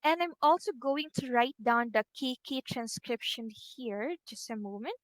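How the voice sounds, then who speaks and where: A woman's voice: a little high, animated, a little slow, no room sound. A woman with a Filipino accent teaching a one-on-one online English lesson, speaking patiently and drawing out her words with frequent okays.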